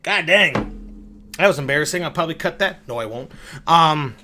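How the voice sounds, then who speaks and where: A young man with a high, bright voice tells a story in a loose, rambling way. He swears freely and pokes fun at himself as he goes. It sounds like a casual monologue to his viewers. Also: lively intonation, moderate pace, a little hiss or hum. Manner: rambling, profane, self-mocking. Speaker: video creator.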